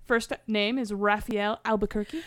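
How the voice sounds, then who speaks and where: A woman's voice: medium pitch, fairly even intonation, no room sound. A woman hosting a casual podcast, running a trivia game and reading the outro in an upbeat way. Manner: upbeat, reads scripted outro quickly. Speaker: podcast host and quiz master.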